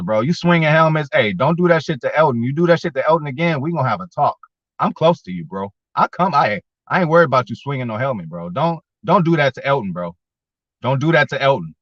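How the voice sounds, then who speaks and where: A man's voice: medium pitch, fairly bright tone, no room sound. A man hosting a casual sports fan show, talking with viewers in a slangy, profane way and getting worked up as he goes. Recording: dull lo-fi.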